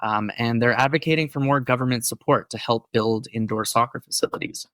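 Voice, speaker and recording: A man co-hosts a podcast and lays out each topic in an informative, explanatory way. He pauses on the odd filler but keeps a steady thread. His voice is close and completely dry. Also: mid-range voice, dry recording. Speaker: podcast co-host. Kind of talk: casual podcast chat.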